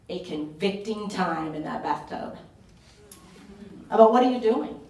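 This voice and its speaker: A woman's voice: mid-range voice, animated, a little slow, pauses often, darkish tone. A woman pastor preaching a fervent, urgent sermon at a retreat, pressing her points with emphatic repetition. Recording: roomy echo, voice from a distance.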